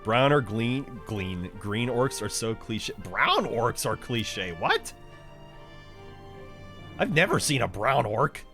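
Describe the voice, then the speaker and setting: Male streamer, lively pitch swings, slow easygoing delivery, joking banter with chat. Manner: laid-back banter with chat, swearing and laughing. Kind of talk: casual live-stream chat while playing. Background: faint game music.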